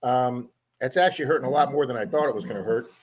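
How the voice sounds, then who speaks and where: This man speaks at a medium pitch and a fast clip, and the recording sounds rough. He hosts a casual livestream chat, spinning long stories and repeating words as he goes, a chatty storyteller.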